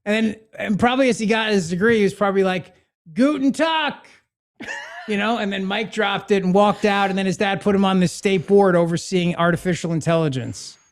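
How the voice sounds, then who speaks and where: A man's voice: high voice, fairly even intonation, fast talker, hardly any pauses. A man hosting a political talk show, sarcastic and mocking in tone. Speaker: podcast host.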